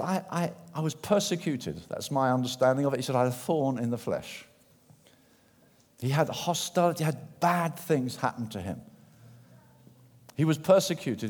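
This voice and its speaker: Animated preacher in a reverberant hall. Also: male voice, a little high. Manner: animated, acts out quoted voices, shifts from loud to hushed. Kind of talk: sermon.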